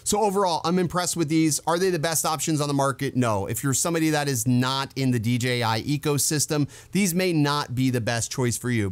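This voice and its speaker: A man hosting a casual product review vlog, speaking candidly and conversationally with the odd digression. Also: a little high. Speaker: drone channel host.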